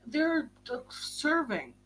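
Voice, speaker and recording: A young woman hosting a book club stream in casual chat, talking in a quick, gushing way and swearing casually. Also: sits high, big pitch swings, fairly bright tone.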